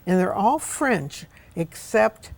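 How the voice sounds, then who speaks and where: A woman's voice: medium pitch, sing-song, slow, creaky. A middle-aged woman hosting a casual book discussion, chatty and asking her guest questions. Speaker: host.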